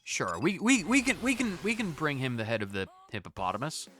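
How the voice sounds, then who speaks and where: A man streaming a game, chatting casually in an animated, joking way with frequent stammering restarts. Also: a little high, brisk, faint music behind. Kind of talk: casual gaming commentary.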